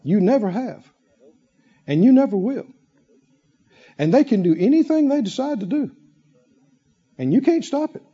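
A man preaching a sermon in an emphatic way, full of rhetorical questions and long drawn-out pauses. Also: very high-pitched, very animated, mellow, husky, dull audio. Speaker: pastor.

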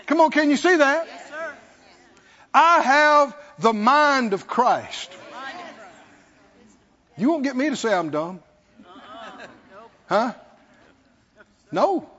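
A man's voice: extremely high pitch, sing-song, takes it slowly, pauses often, a bit bright. A man preaching a sermon who calls out to the congregation and mockingly acts out worried believers. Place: church sanctuary. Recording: dull lo-fi recording with long hall reverb.

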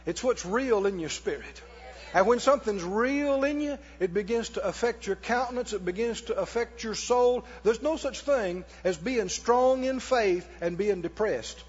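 Very high-voiced preacher man. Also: normal speed, husky, in a large hall, muffled recording. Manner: animated preaching with mock laughs and shouts. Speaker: pastor. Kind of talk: sermon. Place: church.

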